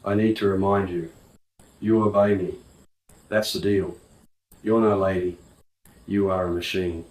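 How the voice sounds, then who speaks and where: A man's voice: sits low, level tone, a little slow, a little mellow, reverberant, recorded from a distance, rough recording. A man voicing a blunt, impatient adventurer who gives curt commands in an audiobook.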